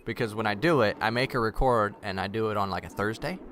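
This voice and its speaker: A man's voice: fairly low pitch, fast, fairly bright tone, a little hiss or hum. A man rambling casually in a vlog, blunt and swearing freely. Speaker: vlogger.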